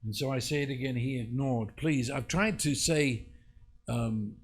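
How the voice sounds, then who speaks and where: Slow, earnest male Bible teacher. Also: mid-range voice. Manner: earnest, slow, builds to emphatic bursts. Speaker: preacher.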